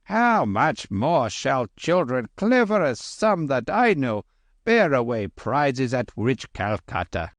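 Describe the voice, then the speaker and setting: A man voicing a proud, sharp-tongued old grandmother who speaks in a commanding way in an audiobook. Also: medium pitch, big pitch swings, slow pace, no echo, pitched above the performer's own voice. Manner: commanding, chuckling asides. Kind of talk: audiobook character voice.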